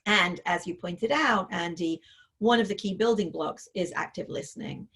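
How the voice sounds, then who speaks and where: Woman expert on a video call, husky and a bit gravelly, talks it through with lots of ums. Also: fairly low pitch, moderate pace, a bit bright. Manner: thoughtful, talks through examples with frequent fillers. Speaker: author and parenting expert guest. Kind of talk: explanatory interview answers.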